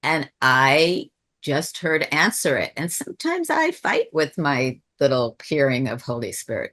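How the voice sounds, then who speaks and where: A woman's voice: very deep voice, animated, unhurried, a bit bright. A woman telling a personal spiritual story on a webinar, in a reflective, rambling way, often restarting her sentences. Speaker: webinar speaker. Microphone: video call.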